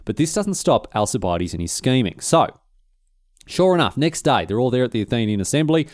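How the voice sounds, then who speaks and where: A man with an Australian accent hosting a history podcast, telling the story in a casual, slangy, animated way. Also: mid-range voice, a little fast, no echo, clean studio sound. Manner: animated, slangy, acts out characters' voices. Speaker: podcast host.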